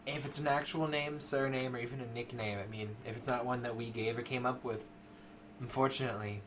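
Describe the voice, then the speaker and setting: A man's voice: medium pitch, steady tone, brisk, noisy background, close to an everyday voice. A man voicing a petite, scarred young woman who works as a dancer, easygoing and amused. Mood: casual.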